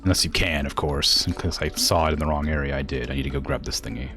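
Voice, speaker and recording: Deep-voiced man chatting over gameplay. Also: quick pace, over music. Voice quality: deep low voice. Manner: chatty, talks to the game and to chat, laughs often. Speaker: streamer. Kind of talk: casual gameplay commentary.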